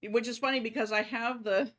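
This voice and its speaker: A woman's voice: on the high side, a little fast. A young adult woman streaming a game, chatting casually and telling a joke with lots of laughter and swearing. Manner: laughs often, swears, lively storyteller.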